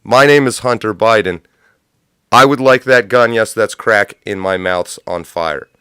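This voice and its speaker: A man's voice: fairly low pitch, a little slow, a bit bright, clean tone, no room sound, clean studio sound. A man putting on a brief impression of a stoned, boastful politician's son in a comedic rant. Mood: brazen.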